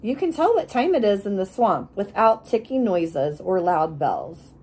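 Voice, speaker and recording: A woman reading a children's chapter book aloud, expressive and acting out the sound effects. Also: mid-range voice, measured pace, slightly rough. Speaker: reader.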